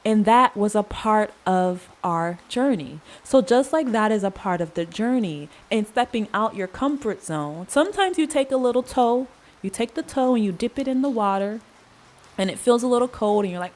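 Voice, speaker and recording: A woman hosting a solo podcast, talking in an earnest, conversational way with long pauses and casual slang. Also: medium pitch, animated, a little mellow. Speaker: podcast host. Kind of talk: reflective solo podcast monologue.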